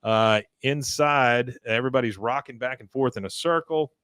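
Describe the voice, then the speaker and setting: A man's voice: mid-range voice, moderate pace, smooth, no room sound. A man hosting a podcast, casually recapping a cartoon episode with lots of fillers. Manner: relaxed, filler-heavy storytelling. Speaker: podcast host.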